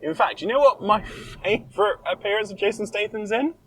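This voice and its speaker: A man co-hosting a casual podcast chat, animated and sweary, acting out quotes in mocking voices. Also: high voice, a little fast, rough recording. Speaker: podcast co-host.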